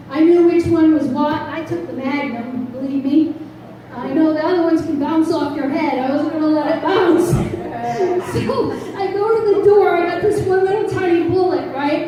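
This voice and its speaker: A woman preacher telling a testimony in an animated way, acting out the voices in her story. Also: high-pitched, slight background noise. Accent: Northeastern US. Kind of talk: testimony sermon. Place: church sanctuary. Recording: echoey church from far off.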